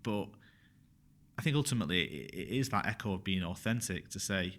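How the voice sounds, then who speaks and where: A man with a low voice, a guest on a casual podcast. He speaks openly and with feeling, hammering his points home by repeating them. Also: fairly quick. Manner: frank, animated, repeats phrases for emphasis. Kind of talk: casual conversational interview.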